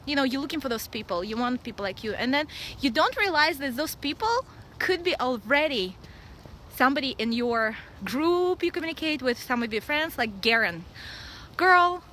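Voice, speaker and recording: Russian-accented woman in her 30s, high and bright, outdoor phone vlog, faint background noise. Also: normal speed, low-quality recording. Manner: blunt, excitable, laughs often. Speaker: vlogger. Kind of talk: casual live vlog. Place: outdoors at a dog park.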